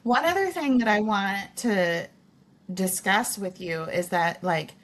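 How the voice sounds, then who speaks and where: A woman's voice: medium pitch, slow pace, a bit bright. A woman hosting a podcast interview, talking candidly and casually with lots of "like" and "you know". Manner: candid and chatty, many "like" and "you know" fillers. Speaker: podcast host. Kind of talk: conversational interview.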